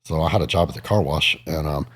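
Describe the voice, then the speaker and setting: A man in his forties tells his stories at a brisk clip, in a very deep and husky voice. He is animated and acts out the other people in his stories. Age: 40s. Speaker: guest, bodybuilder. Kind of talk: casual storytelling interview.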